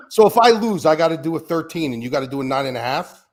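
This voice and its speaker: A man's voice: fairly high pitch, animated, fast. Brash, profane man from New York. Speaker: show regular. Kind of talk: casual trash-talking chat.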